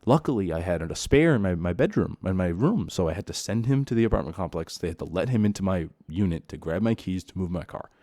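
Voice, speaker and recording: A man hosting a podcast, ranting alone about his old apartment, exasperated and repeating himself, getting louder when heated. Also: deep voice, animated, quick pace, few pauses, no echo, clean studio sound. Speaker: podcast host. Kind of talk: solo ranting monologue.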